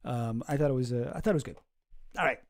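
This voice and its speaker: A man's voice: mid-range voice, fast talker. A man hosting a casual livestream, rambling and chuckling as he reacts to chat. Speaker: streamer host.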